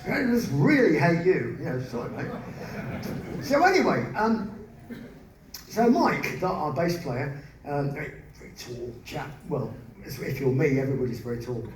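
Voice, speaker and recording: A man's voice: on the high side, expressive, moderate pace. A man telling self-mocking stories on stage as a spoken word performer, bursting into song. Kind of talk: live comic storytelling on stage. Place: large live venue. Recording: echoey hall, distant mic, background noise.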